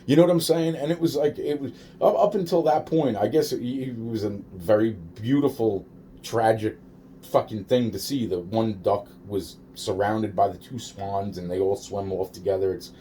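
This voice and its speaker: A man's voice: lowish voice, lively intonation, moderate pace, mellow, a little hiss or hum. A man telling a rambling personal story, swearing often and restarting his sentences. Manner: profane, rambling, many restarts and repeated fillers.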